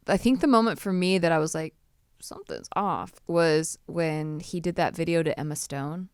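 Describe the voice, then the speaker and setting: A woman in her thirties hosting a casual podcast chat, easygoing, with quick agreeing reactions. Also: low-pitched, a little mellow, clean tone, no echo, studio quality. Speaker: podcast host.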